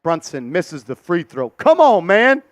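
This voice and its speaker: A man hosting a fan watch party, calling play-by-play in an excitable, profane, mocking way. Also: high-pitched, unhurried, no room sound.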